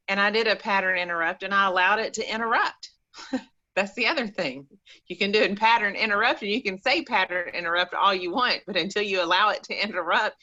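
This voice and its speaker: A woman with an East Texas accent, chatting as a caller on a call-in show in an animated, rambling, folksy way. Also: mid-range voice, brisk, muffled recording. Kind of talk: casual chat.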